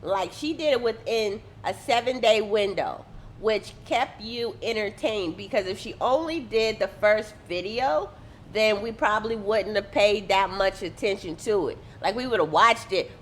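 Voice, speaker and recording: A woman hosting a casual marketing talk, animated and acting out quotes as she explains. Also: mid-range voice, normal speed, slight background noise. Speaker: host.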